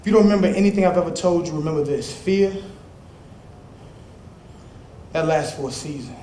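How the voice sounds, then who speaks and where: A man plays an angry young man confronting his abusive best friend, with a fairly high voice. He scolds, mocks and erupts into shouting, heard in a roomy indoor space with a faint hum behind. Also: very fast, natural voice. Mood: grave. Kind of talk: independent film drama acting.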